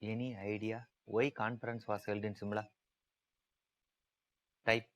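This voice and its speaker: A man's voice: on the low side, little pitch movement, measured pace, poor audio. A male teacher giving an online exam-prep lecture, repeating key points with emphasis and asking students to type their answers.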